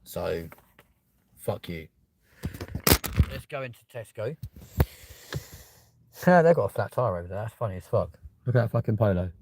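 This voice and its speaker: A man's voice: fairly low pitch, lively intonation, normal speed, long pauses, background noise. A young man presenting a casual vlog, filming on a handheld phone as he drives and walks through a supermarket, blunt, sweary and muttering asides. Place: car, then a large indoor supermarket. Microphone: handheld phone while filming.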